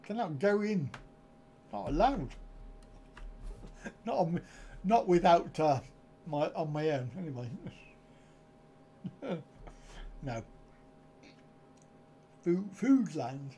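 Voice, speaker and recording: A middle-aged man hosts a relaxed live stream from home, trading jokey banter and chuckling at his own lines. His voice sits high and mellow, with a lively rise and fall. He takes his time over each remark. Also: drawn-out words, long pauses, a little hiss or hum. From United Kingdom. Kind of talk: casual live-stream chat.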